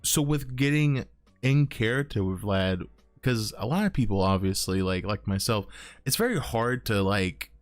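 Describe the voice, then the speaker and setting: A man's voice: fairly low pitch, expressive, normal speed. A man hosting a casual interview over an online call, talking loosely with plenty of filler words and casual swearing. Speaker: host.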